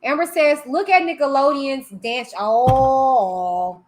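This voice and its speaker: A woman's voice: high voice, slow pace. A woman hosting a live stream, talking bluntly and animatedly in casual commentary. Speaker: livestream host.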